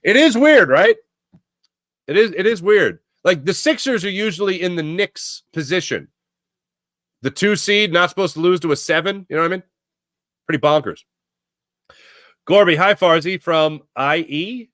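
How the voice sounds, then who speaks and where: A man's voice: high-pitched, expressive, moderate pace, pauses often, fairly bright tone, dry recording, studio quality. A man with a Philadelphia accent hosting a sports talk show, chatting casually and rambling as he corrects himself mid-story. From Philadelphia area, USA. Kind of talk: casual chat, answering live chat.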